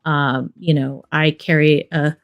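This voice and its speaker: A middle-aged woman, a documentary director, telling stories in a relaxed interview, rambling with many fillers. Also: low voice, slow, lo-fi sound, soft background music. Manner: rambling storyteller, many fillers like "you know". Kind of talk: casual interview talk.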